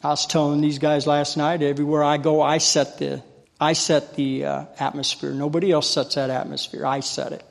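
Fiery folksy preacher in a reverberant hall. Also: male voice, fairly high pitch, flat delivery, moderate pace, vocal fry. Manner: folksy storytelling, calls for congregation response; gets loud when fired up. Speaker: lay preacher. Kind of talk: sermon.

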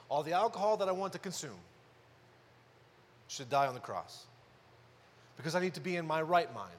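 Man, pastor, high voice, casual preaching, lots of rhetorical questions, echoing hall. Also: lively intonation, moderate pace, pauses often. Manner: conversational preaching, rhetorical questions, rises to loud emphasis. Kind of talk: sermon. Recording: long hall reverb.

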